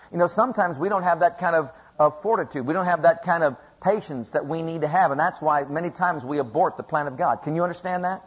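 Husky-voiced male preacher, emphatic sermon. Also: fairly high pitch, fast. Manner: emphatic and repetitive, asks the congregation questions. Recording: dull lo-fi recording.

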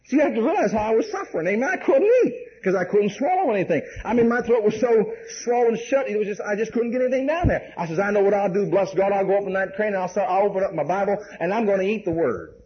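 A man's voice: high voice, animated, quick pace, hardly any pauses, muffled recording. A man preaching a sermon, telling folksy stories with many "bless God"s and "amen"s, acting out dialogue and laughing along the way.

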